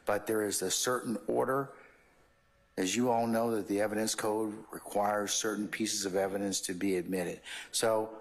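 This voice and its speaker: A male judge calmly and firmly explaining court procedure to an attorney in a courtroom. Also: fairly low pitch, vocal fry, low-quality recording. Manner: measured, firm, explanatory. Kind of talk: courtroom ruling.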